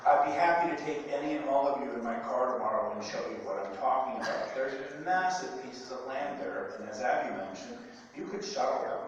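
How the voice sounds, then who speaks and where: A man's voice: mid-range voice, highs cut off, slight background noise. A man making an emphatic, persuasive public comment at a meeting. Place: large echoey meeting hall. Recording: distant, echoey hall.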